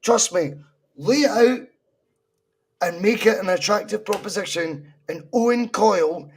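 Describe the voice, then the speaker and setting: A man's voice: high voice, measured pace, husky. A Scottish man in a casual football podcast chat, blunt and opinionated, swearing freely. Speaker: podcast co-host.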